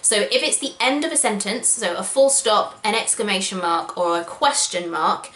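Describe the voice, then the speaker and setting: A woman's voice: mid-range voice, moderate pace, a bit bright. A woman actor talking to a camera on a tripod, chatty and upbeat as she explains her method step by step. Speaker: actor sharing audition tips. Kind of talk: casual instructional vlog to camera. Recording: echoey room.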